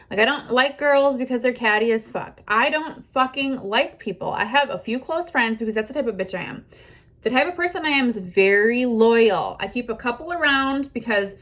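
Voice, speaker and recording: A woman's voice: on the high side, a bit bright. A young adult woman ranting defiantly to her phone from inside a car, swearing constantly. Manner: heated, profane, defiant ranting. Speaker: content creator. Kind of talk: ranting to camera.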